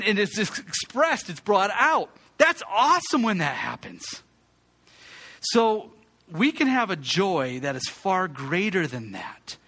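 A male pastor preaching a sermon, emphatic and full of rhetorical questions to the congregation, moving between soft asides and loud exclamations. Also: high-pitched.

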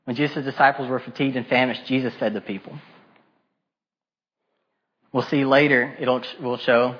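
A man's voice: medium pitch, slightly rough, dull audio. A man preaching a sermon, retelling a Bible story with casual asides and acting out the voices of the people in it. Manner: animated storytelling, acting out the disciples' complaints; casual modern asides and repetition.

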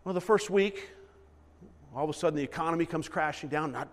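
A man's voice: a little high, brisk, in a large hall. A man preaching a sermon in a conversational style, acting out little asides and correcting himself mid-sentence. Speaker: pastor.

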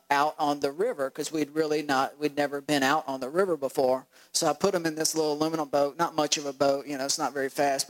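A pastor delivering a sermon in an animated storytelling style. He laughs often and acts out voices. His voice sits a bit higher than most men's. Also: low-quality recording.

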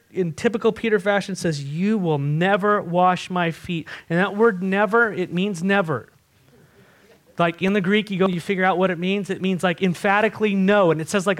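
A man preaching a sermon, animated and asking his listeners questions. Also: a little high. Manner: animated, asks the congregation questions. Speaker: pastor.

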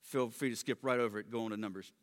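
A man preaching a sermon, swinging between loud emphatic stresses and quiet low asides, with joking remarks. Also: steady tone, fast. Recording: long hall reverb.

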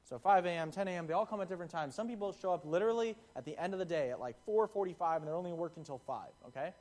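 A man's voice: high voice, rapid-fire, darkish tone. A young man giving a casual, conversational sermon, acting out the voices in the stories he tells. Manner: conversational, acts out quotes in the parable. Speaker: preacher.

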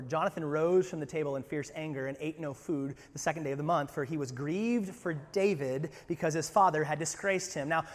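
A pastor preaching a sermon, animated and conversational, with humorous asides. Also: male voice, a little high, big-room sound.

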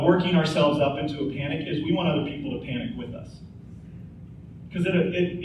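Pastor in his forties, earnest conversational sermon, bright high voice, heard from afar in a roomy hall. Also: noisy background. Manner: earnest, conversational preaching with rhetorical questions. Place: church sanctuary. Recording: echoey hall, speaker far from mic.

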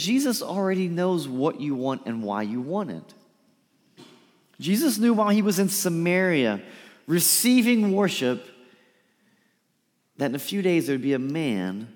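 A man preaching a sermon, lively and emphatic, sometimes dropping to a soft pleading voice to act out a quote. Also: mid-range voice. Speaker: pastor. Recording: reverberant hall.

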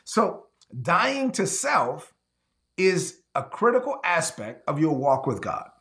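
A man preaching a sermon, emphatic, repeating key lines slowly and acting out quick little dialogues. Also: on the high side, sing-song, a bit bright. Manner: acts out quick back-and-forth dialogues.

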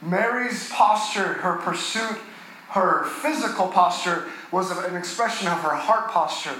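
A man preaching a sermon as pastor, earnest, rising and swelling on key phrases and dropping soft and low on tender moments. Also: a little slow, heavy reverb, slight background noise, low-quality recording.

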